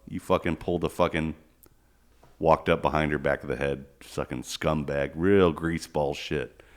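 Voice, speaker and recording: A young man co-hosting a podcast, rambling crudely and swearing as he jokes. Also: extremely low pitch. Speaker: podcast co-host. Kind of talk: casual podcast chat.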